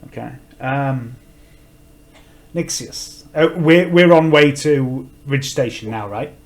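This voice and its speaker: A man playing a tabletop role-playing game, calmly and deliberately giving orders as his ship's commander. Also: mid-range voice. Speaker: player.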